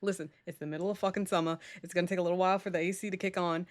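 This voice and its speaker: Chatty woman co-hosting, quick to laugh. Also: lowish voice, fairly even intonation. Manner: chatty, laughs often, mock-stern with co-host. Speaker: co-host of a wrestling live stream. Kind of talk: casual chat.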